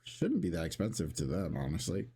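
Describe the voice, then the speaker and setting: A man's voice: sits low, wildly swooping pitch, brisk, gravelly, mellow, breathy edge. A man streaming and talking casually to his chat, rambling with many restarts and casual swearing.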